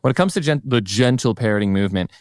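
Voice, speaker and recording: Man, podcast host, eager and affirming, mid-pitched, resonant tone. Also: expressive, clear, resonant tone, no room sound, clean studio sound. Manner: enthusiastic and agreeable, quick to affirm. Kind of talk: casual interview chat.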